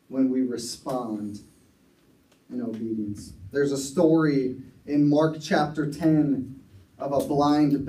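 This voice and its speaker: A man's voice: medium pitch, warm tone. Earnest man preaching in an echoey room. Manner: earnest storytelling with many restarts. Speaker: recovery ministry speaker. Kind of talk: sermon. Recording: echoey room, mic far off.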